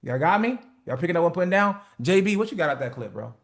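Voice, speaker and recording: A man coaching a group on a motivational call, animated and profane, acting out little skits. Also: on the high side, fast talker, gravelly. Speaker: business coach.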